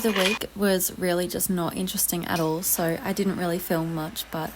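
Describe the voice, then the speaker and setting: A woman's voice: lowish voice, fairly even intonation, moderate pace, few pauses, noisy background. A woman talking casually to camera at home in a rambling, chatty small-business vlog. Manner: chatty and rambling, loses her train of thought.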